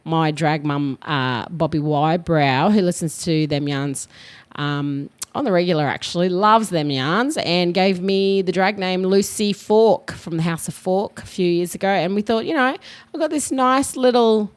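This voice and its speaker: A woman co-hosting a casual podcast, husky and hoarse from being sick, bantering bluntly. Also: on the low side, unhurried, dry recording. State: hoarse from illness. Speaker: podcast co-host. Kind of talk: casual chat.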